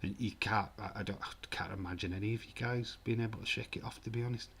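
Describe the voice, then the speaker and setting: A man's voice: lowish voice, steady tone, quick pace, a bit bright, a little hiss or hum. Rambling chatty male streamer. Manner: rambling, self-correcting, chatty. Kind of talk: casual live watch-along chat.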